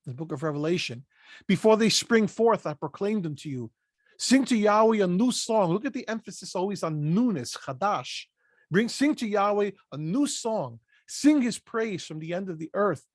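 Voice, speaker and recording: A man with a notably high voice teaches a Bible study, reading passages aloud and then cutting in with brief, emphatic asides. The sound is dry and close, with almost no room around him. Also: expressive, moderate pace, dry recording. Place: lives in Pennsylvania.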